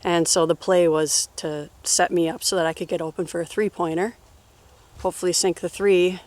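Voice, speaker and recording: A woman in her thirties answering personal questions in a relaxed, rambling way, full of fillers and laughs. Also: fairly low pitch, moderate pace. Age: 30s. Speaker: interviewee. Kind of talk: casual personal Q&A.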